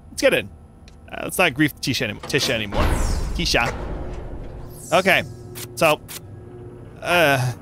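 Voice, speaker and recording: A young man giving playful, animated commentary while playing a game, with quick reactions and jokey cries of pain. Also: a little high, a little hiss or hum. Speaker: gaming YouTuber.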